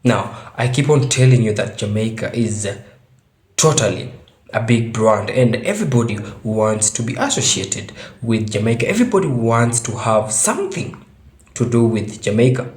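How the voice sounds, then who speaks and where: A man's voice: on the low side, lively intonation, normal speed. Man hosting a vlog in an echoey room. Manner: emphatic, addresses viewers directly. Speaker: YouTube channel host. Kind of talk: vlog commentary. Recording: roomy echo.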